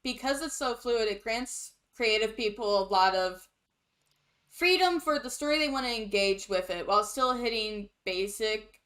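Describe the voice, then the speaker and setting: A young woman co-hosting a podcast in casual chat, animated and blunt, laughing often. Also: on the high side, normal speed. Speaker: podcast co-host.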